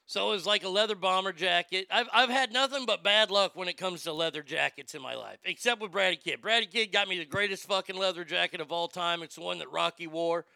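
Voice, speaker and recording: High-voiced wisecracking man. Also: fairly quick, gravelly, few pauses, sharp tone, no echo. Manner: wisecracking, profane storyteller. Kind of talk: casual talk radio banter.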